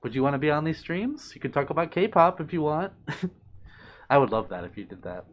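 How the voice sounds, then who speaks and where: A man's voice: on the high side, big pitch swings, moderate pace, lo-fi sound. A young man hosting a casual livestream, reading out viewer comments and answering them in a chatty, affectionate, playful way. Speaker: livestream host.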